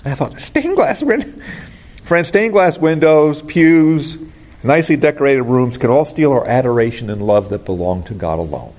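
A man's voice: medium pitch, lively intonation, normal speed, darkish tone. Earnest middle-aged male pastor preaching. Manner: earnest preaching with rhetorical questions. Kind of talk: sermon.

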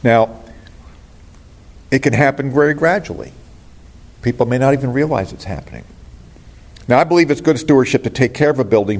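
A man's voice: mid-range voice, fairly quick, pauses often, a little mellow. A middle-aged man preaching a sermon as pastor, earnest and direct, asking his listeners rhetorical questions.

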